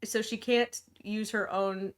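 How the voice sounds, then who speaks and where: A woman's voice: medium pitch, steady tone, slow pace. A woman with an ordinary mid-range voice talks casually about a film. She pokes at her co-host's claims with dry, skeptical jabs. The tone is easygoing podcast banter. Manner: teasing, skeptical interjections. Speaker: podcast co-host. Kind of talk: casual chat recapping a movie.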